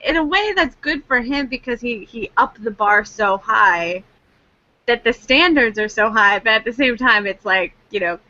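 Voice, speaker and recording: A woman co-hosting a casual chat, animated and laughing as she acts out reactions. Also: a little high, moderate pace, lo-fi sound. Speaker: co-host.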